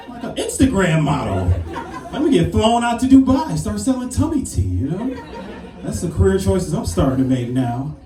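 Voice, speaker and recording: A man in his thirties doing a brash, animated stand-up comedy set on a club stage. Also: high voice, normal speed. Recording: roomy club sound from a distance. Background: audience laughter.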